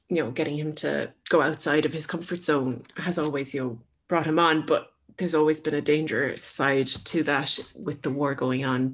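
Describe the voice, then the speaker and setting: Low-voiced woman telling a rambling story. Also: a bit bright, husky. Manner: rambling, filler-heavy storytelling. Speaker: podcast co-host. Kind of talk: casual chat, making up a story.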